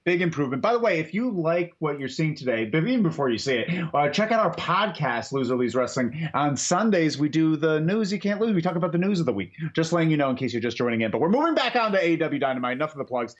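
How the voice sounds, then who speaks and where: A man's voice: fairly high pitch, sing-song, fast talker, hardly any pauses, muffled recording. A man co-hosting a wrestling podcast, chatting casually in an upbeat, joking way and plugging the show. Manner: upbeat, jokey, plugs the show. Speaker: podcast co-host. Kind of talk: casual post-show chat.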